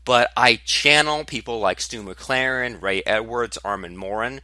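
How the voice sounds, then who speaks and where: Bright, candid male podcast host. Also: medium pitch, a little slow, no echo. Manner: candid, self-deprecating, animated emphasis. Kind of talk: solo podcast monologue.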